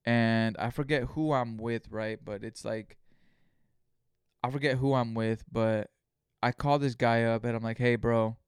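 A man's voice: medium pitch, steady tone, measured pace, clear, resonant tone, no echo, clean studio sound. Man rambling on a solo podcast. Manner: rambling storytelling, heavy swearing. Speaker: podcast host. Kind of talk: casual solo podcast monologue.

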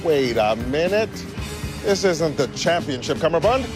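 A woman putting on the voice of a deadpan middle-aged male police captain, with music behind her. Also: low-pitched, measured pace, pitched below the performer's own voice.

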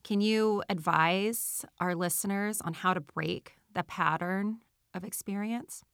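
A woman co-hosting a podcast, affirming her guest and putting measured questions to him. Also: mid-range voice, clean tone, no echo, studio quality. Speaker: podcast co-host. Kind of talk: casual interview.

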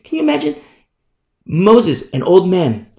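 A man preaching a sermon in an emphatic, indignant manner, often pausing to ask "you see?". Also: high voice, huge pitch swings, vocal fry, a little mellow, echoey room.

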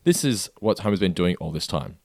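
A man co-hosting a podcast, chatting casually about a cartoon episode in an animated, exasperated, sweary way. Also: low voice, a little fast, gravelly, no echo, clean studio sound. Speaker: podcast co-host.

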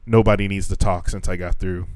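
A young man, a teacher, telling a frustrating work story on a podcast, animated and swearing freely as he acts out what people said. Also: sits low, brisk, smooth. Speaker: podcast co-host; assistant language teacher in Japan. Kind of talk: casual chat.

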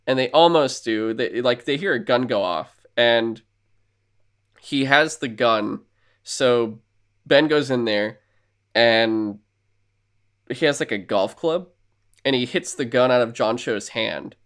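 A man talks through a film's story in relaxed podcast conversation, his voice sitting at an ordinary middle pitch. He rambles, swears freely and keeps slipping into the characters' dialogue as he retells it. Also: slow pace, long pauses, clean tone. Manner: rambling, profane, acts out characters' lines. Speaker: podcast co-host. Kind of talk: casual film recap chat.

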